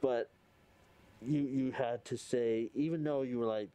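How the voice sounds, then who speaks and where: A young man co-hosting a podcast, telling a story in a casual, animated way and laughing along with the other host. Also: medium pitch, a little slow, smooth, dry recording. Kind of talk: casual chat.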